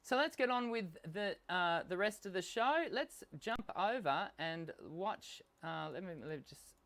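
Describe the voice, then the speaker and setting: A man's voice: sits high, lively intonation, unhurried, a bit bright. Chatty Australian man teaching voice. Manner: chatty, explanatory, many fillers and restarts. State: unwell, occasional coughs. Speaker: host and voice coach. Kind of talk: live-streamed singing lesson.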